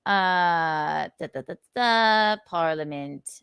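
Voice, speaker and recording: A woman's voice: lowish voice, slow pace, creaky, a bit bright, clean tone, no echo. A woman hosting a casual livestream, talking sarcastically with frequent laughs and reading chat messages aloud. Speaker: livestream host.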